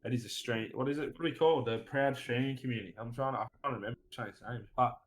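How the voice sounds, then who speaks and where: An Australian man tells his stories as a podcast guest, rambling and swearing freely, tacking "mate" onto his sentences. His voice sits at an ordinary middle pitch for a man. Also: racing, rough recording. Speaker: guest streamer. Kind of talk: casual podcast interview.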